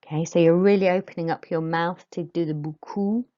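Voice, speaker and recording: A woman teaching a French pronunciation lesson to pupils, modelling words slowly for them to repeat. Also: on the low side, steady tone, mellow, dull audio.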